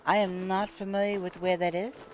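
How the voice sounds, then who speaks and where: A woman's voice: mid-range voice, flat delivery, normal speed, darkish tone, slight background noise. A woman from Long Island with a New York accent, chatting casually with viewers on a live stream and laughing often.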